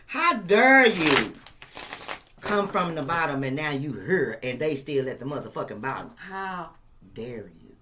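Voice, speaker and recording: A woman's voice: very deep voice, expressive, normal speed, noisy background. A woman doing a casual tarot reading for her viewers, emphatic and profane, repeating lines for effect and laughing now and then. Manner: emphatic, repetitive, profane and playful. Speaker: tarot reader.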